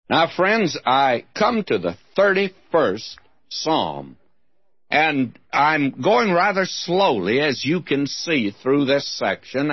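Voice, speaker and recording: A man's voice: medium pitch, slightly rough, dry recording. An older man teaching through the Psalms in a radio Bible lesson, reading verses with rising emphasis, on a dull old recording. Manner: lively, reads scripture with rising emphasis.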